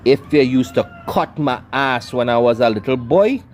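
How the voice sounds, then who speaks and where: A man voicing a condemned young prisoner in a told story, speaking low and cold. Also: animated, normal speed, a little mellow, slight background noise, natural voice.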